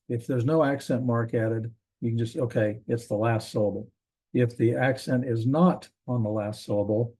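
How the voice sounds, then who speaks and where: A man teaching a classroom lecture in a relaxed, rambling way, with frequent ums and self-corrections. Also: medium pitch. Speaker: Hebrew teacher.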